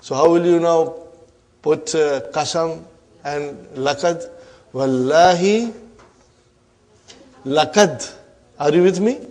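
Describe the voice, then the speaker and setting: A man's voice: fairly high pitch, darkish tone. A man teaching a classroom grammar lesson. He explains term by term, drills students with repeated questions and keeps checking with "huh?" and "are you with me?".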